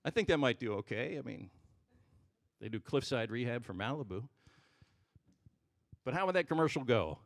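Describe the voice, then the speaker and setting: A man doing a stand-up comedy set on a stage microphone, jumping between loud punchlines and muttered asides. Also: medium pitch, expressive, moderate pace, creaky, long pauses, no room sound, studio quality.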